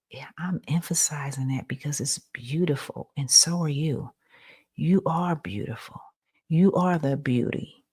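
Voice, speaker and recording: A woman hosting a podcast, speaking soft spiritual affirmations slowly, often half-whispered. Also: sits low, breathy edge. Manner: slow, soothing, partly whispered. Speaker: podcast host.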